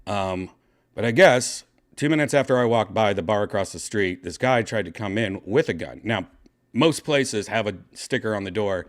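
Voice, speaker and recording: A man hosting a podcast, casually telling a story with excitement and swearing, acting out his own shouts. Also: on the low side, moderate pace. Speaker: podcast host.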